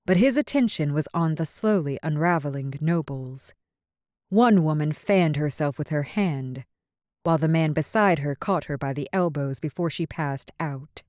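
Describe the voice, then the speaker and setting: A woman narrating a romance audiobook in a measured, even storytelling manner. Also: low voice, no echo, clean studio sound.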